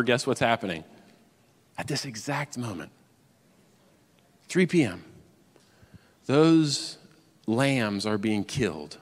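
A man preaching a sermon, moving from quiet explanation to loud, impassioned proclaiming. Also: mid-range voice. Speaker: pastor. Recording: long hall reverb.

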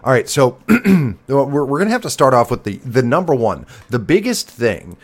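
A man's voice: mid-range voice, very animated, normal speed. A man with a Midwestern accent co-hosting a podcast, chatting casually with lots of laughter and sarcastic jokes. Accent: Midwestern American. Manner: laughs often, jokey and sarcastic. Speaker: podcast co-host. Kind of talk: casual chat.

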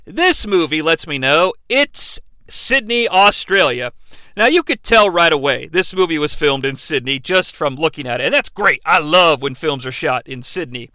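A man's voice: a little high, lively intonation, moderate pace, sharp tone, dry recording. A man hosting a comedic movie review, sarcastic, profane and mocking. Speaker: host.

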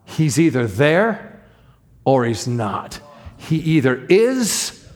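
Predicador de voz muy expresiva. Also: male voice, medium pitch, slow. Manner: animated, emphatic, acts out the story with sound effects. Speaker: guest minister. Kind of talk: storytelling sermon.

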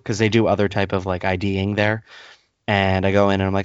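A man co-hosting a podcast, telling an annoyed story in a casual rant and acting out the people in it with high put-on voices. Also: fast talker, clear, resonant tone, dry recording. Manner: animated storyteller, acts out others in high voices. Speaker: podcast co-host. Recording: dull lo-fi, dry sound.

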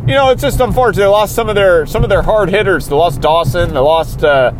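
A man's voice: sits high, quick pace, background noise. A man hosting a podcast, recapping a TV episode in a casual, rambling way from inside a car while driving. He keeps talking himself into getting worked up. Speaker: podcast host.

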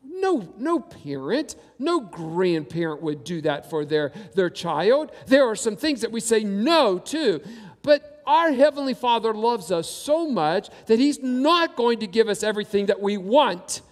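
High-voiced male pastor preaching in a hall. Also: very animated. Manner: emphatic preaching with repetition and slow stressed quotes. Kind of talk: sermon.

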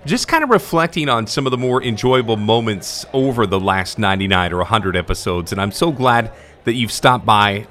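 A man's voice: lowish voice, a bit bright, a little hiss or hum. A man hosting a podcast, looking back on favourite interviews in an enthusiastic, conversational way. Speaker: podcast host. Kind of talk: reflective show narration.

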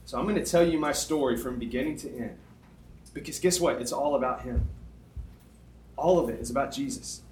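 A middle-aged man preaching as a youth pastor, animated and conversational, often checking in with "okay?". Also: mid-range voice, a little fast, pauses often, slight background noise. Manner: animated, conversational, self-deprecating, frequent "okay?". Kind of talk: sermon. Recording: echoey room.

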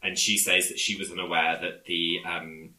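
A man casually recapping a film on a podcast, halting often with fillers as he retells scenes. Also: sits low, little pitch movement, pushed and bright, roomy sound, rough recording. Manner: rambling, halting with many fillers. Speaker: podcast co-host.

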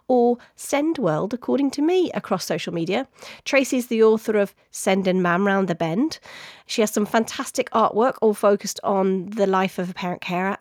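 A woman's voice: mid-range voice, no echo, studio quality. A middle-aged woman hosting a podcast, chatting in a playful, jokey way. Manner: playful, jokey, quick to laugh. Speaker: podcast host. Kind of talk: casual chat.

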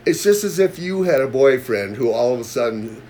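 A man in casual chat, telling a story in a profane way and growing loud and heated as he retells a confrontation. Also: mid-range voice, lively intonation, moderate pace, a little hiss or hum. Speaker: podcast co-host telling a story.

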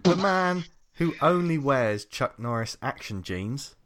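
A man's voice: medium pitch, animated, takes it slowly, fairly bright tone. A man hosting a casual podcast, teasing his guests and laughing often. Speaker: podcast host.

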